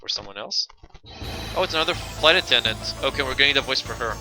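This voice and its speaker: A man's voice: medium pitch, quick pace, rough recording. A man streaming a video game, chatting casually with viewers between dialogue. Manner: relaxed, chatty, talking to chat. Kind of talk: let's play commentary. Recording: game music playing underneath.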